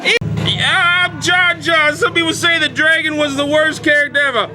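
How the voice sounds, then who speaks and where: A man doing a shouting crude critic. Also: very high voice, steady tone, moderate pace, pitched above the performer's own voice, full character voice. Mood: boastful. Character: brash loud male critic character.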